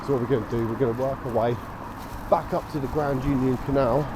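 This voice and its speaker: A man's voice: medium pitch, fairly even intonation, quick pace. An English man vlogging casually while walking his dog, chatty and matter-of-fact. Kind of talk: casual walking vlog narration. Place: outdoors, park, canal path and high street. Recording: outdoor street noise behind.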